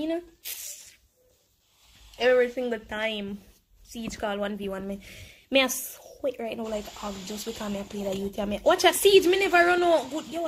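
Excitable Jamaican woman streaming a game. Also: on the high side, slight background noise. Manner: excitable, teasing and complaining at an opponent. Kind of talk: live gaming commentary.

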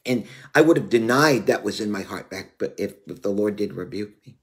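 A man's voice: on the low side, expressive, fairly quick. A man in his fifties preaching a sermon in an earnest, confessional way, often using "you know" as he thinks.

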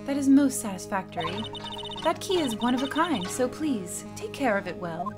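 A woman's voice: fairly high pitch, sing-song, moderate pace, music in the background. Stern formal aunt, clipped and proper, read by a woman. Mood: prim.

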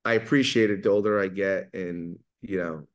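Man, New York accent, middle-aged, low-pitched, loud fast talker, animated storyteller. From New York area. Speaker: guest, pizza maker. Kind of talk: storytelling in an interview.

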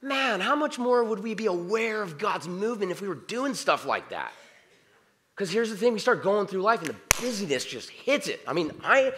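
Animated middle-aged male pastor preaching. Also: sits high, normal speed. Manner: conversational, jumps between hushed prayer and animated outbursts. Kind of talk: sermon. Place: church sanctuary.

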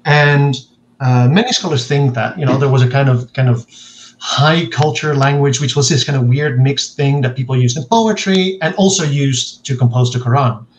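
A man speaking as a linguist guest in an interview, explaining in a measured way and acting out quoted examples. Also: mid-range voice, dull audio, slight background noise.

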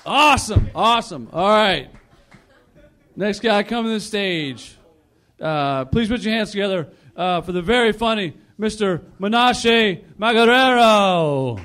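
A man emceeing a comedy show, loudly hyping the crowd and introducing the next comic. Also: high-pitched, lively intonation, measured pace.

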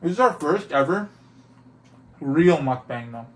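A young man from Toronto, co-hosting a casual mukbang, teasing and excitable, often talking while chewing. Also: a little high, a little slow. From Toronto, Canada. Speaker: co-host. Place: indoors, sitting on the floor.

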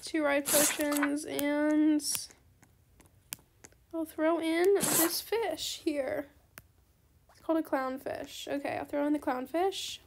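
A woman hosting a casual gaming video, chatty and excitable, politely turning down trade offers as she plays. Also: high-pitched, takes it slowly, long pauses, a little hiss or hum. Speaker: gaming channel host. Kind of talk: casual gameplay commentary.

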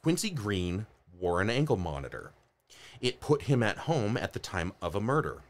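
Lively low-voiced man. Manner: enthusiastic, quick to laugh. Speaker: podcast co-host. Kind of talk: casual chat, reading out an online list.

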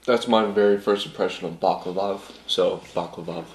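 A man co-hosting a casual snack taste test, giggly and quick to react with surprise. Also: low-pitched, fairly even intonation, slight background noise. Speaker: co-host. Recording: echoey room.

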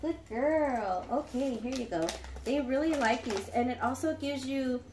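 A woman's voice: high-pitched, measured pace, darkish tone, a little hiss or hum. Gushing woman unboxing for her dogs. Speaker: dog channel vlogger. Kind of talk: casual unboxing chat.

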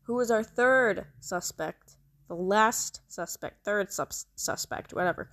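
A woman's voice: takes it slowly, vocal fry. A young woman playing a murder mystery game, reacting dramatically with swearing, gasps and talking to herself. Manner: dramatic, swears and talks to herself, sudden high shrieks and gasps. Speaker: player.

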